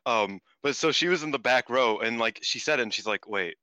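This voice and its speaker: A man co-hosting a casual wrestling chat, animated and swearing freely, acting out what others said. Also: medium pitch, brisk, smooth, no room sound. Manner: animated, swears often, acts out quotes. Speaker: podcast co-host.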